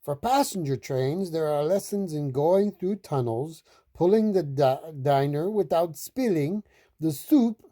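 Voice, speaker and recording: A woman reading children's picture books aloud in a slow, expressive, sing-song way. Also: low-pitched. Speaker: storytime reader.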